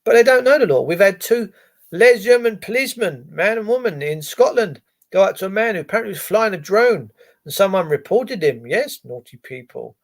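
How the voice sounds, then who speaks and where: A man's voice: high-pitched, lively intonation, a little fast. A man, hosting a livestream and ranting in a blunt, sarcastic way, swearing freely. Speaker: livestream host.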